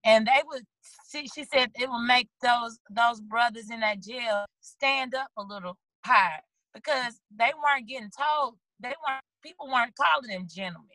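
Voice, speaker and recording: A woman from St. Louis speaks over a video call with a bright, fairly high voice. She rambles earnestly and animatedly through her stories, in a casual interview. The sound is dry and close. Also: normal speed, no room sound, rough recording. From St. Louis, USA. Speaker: guest author.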